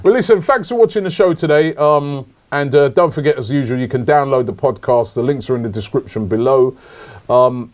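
A man hosting a casual football podcast, telling jokey, repetitive, animated stories. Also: a little high. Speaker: podcast host.

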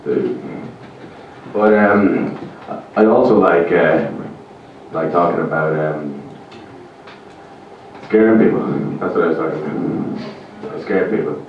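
An Irish man doing stand-up comedy in a rambling, deadpan way, on a comedy club stage. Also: extremely low pitch, slow, long pauses, dull audio, slight background noise. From Ireland. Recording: echoey club room, mic far off.

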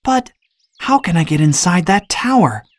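Earnest lovestruck prince, gentle wondering delivery, voiced by a woman, animated storybook, lively intonation. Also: on the low side, normal speed, pitched below the performer's own voice.

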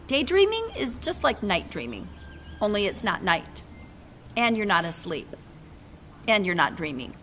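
A woman reading a children's book aloud with expressive, lively storytelling. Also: mid-range voice, a little slow, pauses often, a little hiss or hum.

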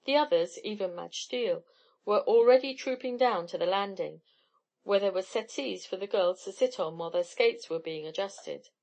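A woman reading a novel aloud in steady, expressive storytelling. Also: medium pitch, moderate pace. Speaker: audiobook narrator. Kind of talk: scripted narration.

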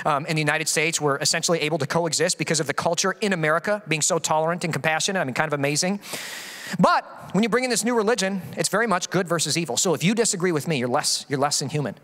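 Male pastor, sermon, animated, acts out quotes, fast, high-pitched, echoing hall.

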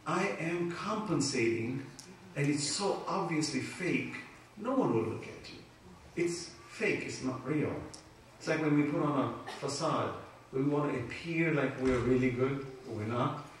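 A man's voice: on the high side, unhurried. A man giving an emotional religious talk in a community hall, telling personal stories with laughter. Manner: emotional, animated storytelling with laughter. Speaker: Islamic speaker. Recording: echoey hall, speaker far from mic, faint noise.

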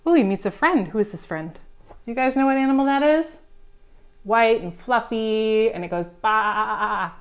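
A woman reading a picture book aloud at a preschool storytime, gently coaxing the children with questions. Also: fairly high pitch, expressive, moderate pace. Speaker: children's librarian.

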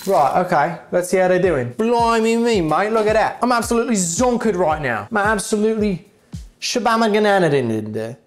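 A man's voice: high-pitched, big pitch swings, moderate pace, soft background music, voice pushed up. A man putting on a jokey British accent as a hammy cook. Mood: excited. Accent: put-on British. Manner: hammy, slangy, self-mocking. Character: jokey mock-British bloke, cheery and blustering.

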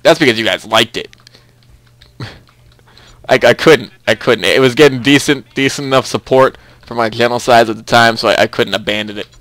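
A man's voice: medium pitch, moderate pace, fairly bright tone, no room sound. A young man hosting a casual game commentary, chatty and rambling, often repeating himself. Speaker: let's play host.

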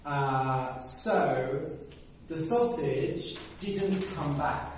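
A man telling a simple story slowly for English learners, often repeating words and checking that listeners follow. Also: fairly high pitch, a little hiss or hum. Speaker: English teacher. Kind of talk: slow story-telling lesson. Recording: echoey room, mic at a distance.

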